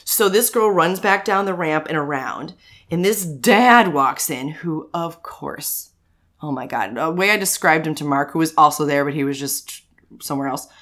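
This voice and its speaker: Lowish voiced woman in her 30s, podcast cohost, animated storyteller who cusses a lot. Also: moderate pace. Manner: animated, swears freely, acts out quotes. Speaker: podcast co-host. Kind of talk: casual chat, storytelling.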